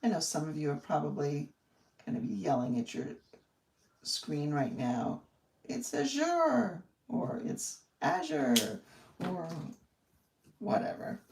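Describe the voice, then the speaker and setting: This woman's voice is deep and mellow, a little slow, with frequent pauses, and it's captured far from the microphone in a room full of echo. She's running a live card-making session, chatting warmly and musing aloud while she crafts.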